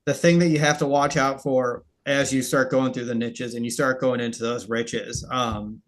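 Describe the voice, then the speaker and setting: Dude in the middle of the usual range talking stock numbers, relaxed, laughs a lot. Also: male voice, mid-range voice, moderate pace. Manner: explains steadily, laughs easily. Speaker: co-host of a dividend investing show. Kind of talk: casual finance chat.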